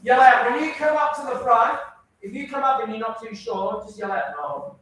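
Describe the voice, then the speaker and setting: Male karate coach, upbeat and encouraging with students; higher voice, distant mic in a booming echoey training hall. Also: a little fast, a bit bright, a little hiss or hum. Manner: encouraging, praising students often. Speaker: karate instructor. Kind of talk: coaching a children's class.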